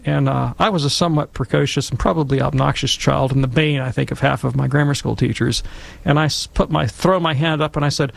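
A man talking casually and emphatically, telling stories and giving commentary in an animated, conversational way. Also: medium pitch, a little fast, vocal fry.

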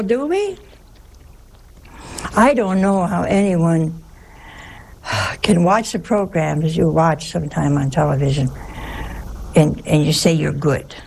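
A woman's voice: fairly low pitch, gravelly, darkish tone, slightly rough. A woman who is a nun, giving a chatty sermon-style talk, telling stories and asking her listeners rhetorical questions.

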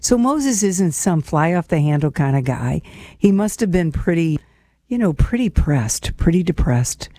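Warm, earnest woman hosting a devotional. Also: lowish voice, big pitch swings, unhurried, no echo. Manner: earnest, personal, addresses listeners as friends. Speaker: host of a devotional show. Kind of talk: conversational scripture reflection.

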